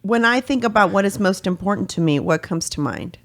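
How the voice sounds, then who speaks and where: A woman co-hosting a casual podcast chat in a studio, chatty and quick to laugh, sometimes reading passages aloud from a book. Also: mid-range voice, expressive. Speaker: podcast co-host. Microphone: studio mic.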